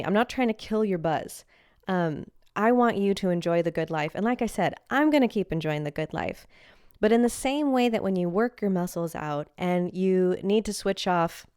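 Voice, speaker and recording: A woman hosts a personal podcast monologue, candid and enthusiastic, sharing her views in a confessional tone. Her voice is smooth and resonant at a middle pitch. The recording is dry and close to the mic. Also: darkish tone, no echo. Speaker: podcast host.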